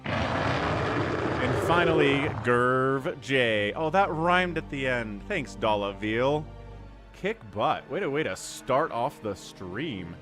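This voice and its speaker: An upbeat, talkative man hosts a live game stream at a middle pitch, greeting and thanking viewers by name. Clear music plays behind his voice the whole time. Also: lively intonation, takes it slowly.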